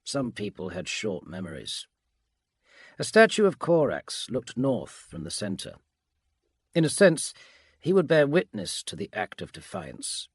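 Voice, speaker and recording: Husky man narrating a bedtime audiobook. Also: mid-range voice, sing-song, a little slow, no echo, clean studio sound.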